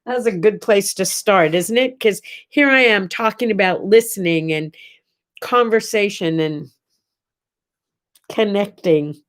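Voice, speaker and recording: This host's voice is medium-pitched and her pace measured as she films her morning vlog in a room at home. Her talk is casual and encouraging, with frequent questions for viewers.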